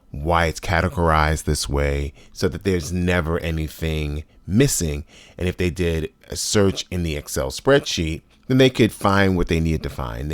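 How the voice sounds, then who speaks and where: Very low-voiced man in his 60s, blunt wry storyteller, dry close sound. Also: dry recording. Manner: conversational, emphatic, wry and blunt. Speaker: storyteller host. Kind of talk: personal storytelling monologue.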